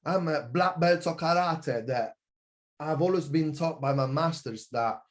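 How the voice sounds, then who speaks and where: A man, an online business coach giving an energetic, passionate sales pitch for his course, often correcting himself as he goes. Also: a little slow.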